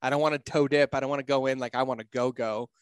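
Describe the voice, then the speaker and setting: A man talking casually on a podcast, blunt and animated, swearing freely and acting out his own quotes. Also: fast, clear, resonant tone, dry recording. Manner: acts out his own quotes with big pitch jumps.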